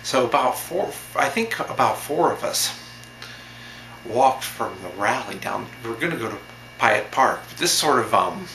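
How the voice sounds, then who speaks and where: A man vlogger tells a story in a loose, rambling way, circling back with repeats and restarts while sounding amused. His voice rises and falls animatedly and has a bright edge. The sound is echoey, with a faint ambient hiss underneath. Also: mid-range voice, animated, unhurried, creaky. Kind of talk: casual storytelling.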